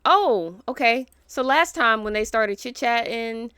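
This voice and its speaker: Woman, let's play host, bright tone, animated, exasperated, slangy chatter. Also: a little high, unhurried, clean tone, no room sound, studio quality. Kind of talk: casual gameplay commentary.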